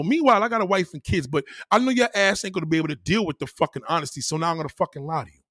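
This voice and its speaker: A man's voice: on the high side, rapid-fire, fairly bright tone, no room sound, studio quality. A man hosting a live stream alone, ranting to his chat in a profane, combative, preachy way. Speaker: livestream host.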